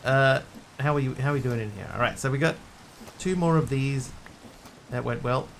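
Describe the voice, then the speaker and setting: Chatty gravelly-voiced man streaming a game. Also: medium pitch, moderate pace, slight background noise. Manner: chatty, jokey, talks to chat while playing. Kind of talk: casual gameplay commentary.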